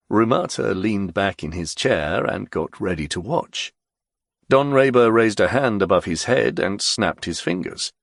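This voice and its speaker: Gravelly, husky male audiobook narrator. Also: fairly low pitch, a little slow, dry recording, studio quality. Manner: expressive storytelling. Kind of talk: scripted narration.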